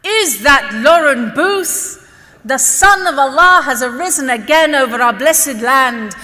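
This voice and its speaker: A warm, devout taxi driver bursts out his welcome in a raised, higher voice, heaping blessings on his caller, as a woman puts him on. The sound carries a long hall echo. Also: a little slow. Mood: overjoyed. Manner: effusive, loud and blessing-filled.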